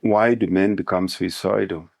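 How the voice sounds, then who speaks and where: Man, very low voice, gravelly, podcast guest, parable-telling. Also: fairly even intonation, normal speed, darkish tone. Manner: preaching in parables and analogies. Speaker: guest speaker on manhood. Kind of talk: podcast conversation with storytelling.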